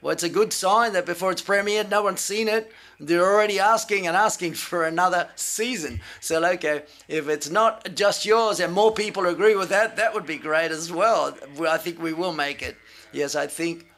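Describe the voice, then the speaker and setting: A man answering questions about a series at a press event, halting and searching for words as he talks. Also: high-pitched, a bit bright.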